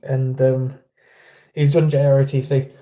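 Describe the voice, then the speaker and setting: Unhurried and flat in delivery, a man with an English accent runs a relaxed livestream, chatting and greeting viewers by name. His mid-range voice has a dark tone.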